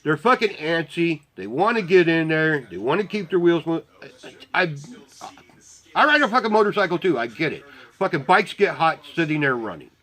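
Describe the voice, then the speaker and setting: Man, high voice, casual storytelling, rambling, blunt, lots of swearing. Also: lively intonation, normal speed, fairly bright tone, rough recording. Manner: blunt, heavily profane; rambling with restarts. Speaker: volunteer motorcycle parade marshal.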